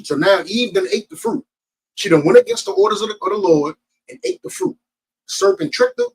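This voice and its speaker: A man with a New Jersey Black American accent, teaching scripture in a colloquial, animated storytelling way. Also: high-pitched, brisk, creaky, breathy edge, rough recording. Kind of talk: street preaching and scripture teaching.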